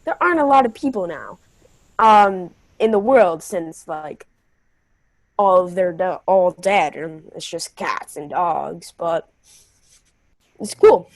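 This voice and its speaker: A woman's voice: fairly low pitch, expressive, takes it slowly, dry recording, low-quality recording. Teen girl improviser, exasperated and indignant, dry close mic. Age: young teen. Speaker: improv camp performer. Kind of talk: improvised comedy scene over video call. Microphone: video call.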